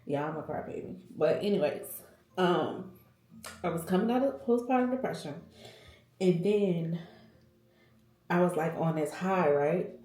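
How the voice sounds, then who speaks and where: A woman vlogger shares a personal story, candid and emotional, calling her viewers y'all. Her voice is warm and mellow. It sits a little low, and the room around her gives it a noticeable echo. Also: measured pace, long pauses. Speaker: vlogger and working mother. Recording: roomy echo.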